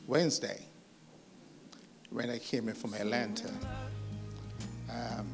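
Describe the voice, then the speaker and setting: A middle-aged man, the bride's uncle, giving an earnest, measured wedding toast with pauses. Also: medium pitch. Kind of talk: wedding speech. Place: wedding reception with music playing.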